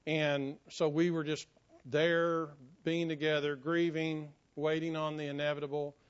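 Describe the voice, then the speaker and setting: A man's voice: on the high side, little pitch movement, unhurried, clean tone. Pastor guy preaching, folksy, cracks jokes at himself, kinda muffled lo-fi sound. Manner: folksy, self-joking, drops to a hushed tone for stories. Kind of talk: sermon. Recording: muffled lo-fi sermon recording.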